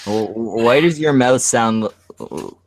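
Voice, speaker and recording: A man's voice: medium pitch, no room sound. Stammering man hosting a podcast. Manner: stammering, quick questions. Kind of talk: casual chat.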